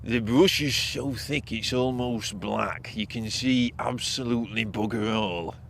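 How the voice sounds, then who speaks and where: An actor playing a nervous man exploring dark woods in a folk horror audio drama, speaking in a hushed, wry way. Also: mid-range voice, a little slow, creaky. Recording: noisy outdoor woodland recording.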